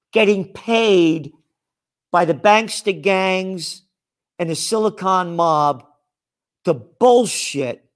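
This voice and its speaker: An older man, a trend forecaster, delivering a sarcastic, scornful ranting monologue full of name-calling. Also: sits high.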